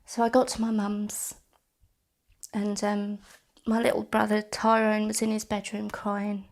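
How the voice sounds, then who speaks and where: A woman interviewed as a bereaved sister, telling her story haltingly, with repeated words and restarts. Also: medium pitch, monotone. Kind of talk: personal testimony interview.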